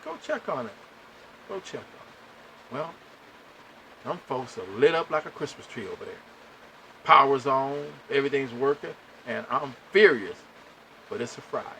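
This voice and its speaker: A man's voice: medium pitch, a little hiss or hum, poor audio. A man hosting a podcast, telling a long story in a casual, exasperated way and speaking straight to his listeners. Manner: animated, exasperated, addresses listeners directly. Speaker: podcast host.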